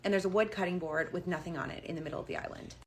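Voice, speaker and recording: A woman's voice: lowish voice, rapid-fire. A woman telling a spooky story in a chatty, casual storytime style, full of "like". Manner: chatty, uses like a lot.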